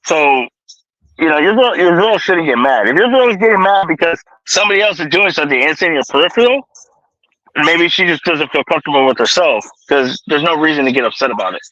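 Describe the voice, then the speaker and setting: A man talks in a casual chat with friends, laughing and acting out quotes. His high voice jumps around a lot. The sound is dull and dry. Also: expressive, quick pace, pushed and bright, no echo.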